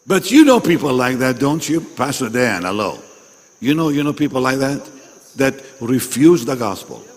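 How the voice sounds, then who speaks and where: A man's voice: medium pitch, sing-song, normal speed. A man preaching a sermon at a pastors' meeting. He is emphatic, repeats his phrases and questions the audience directly. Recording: long reverb in a large hall.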